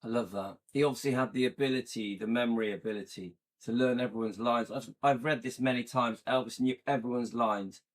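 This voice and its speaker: Guy hosting the interview, gushing and excited, lots of ums and uhs. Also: mid-range voice, brisk, hardly any pauses. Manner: enthusiastic, admiring, frequent fillers. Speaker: host. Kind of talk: casual interview chat.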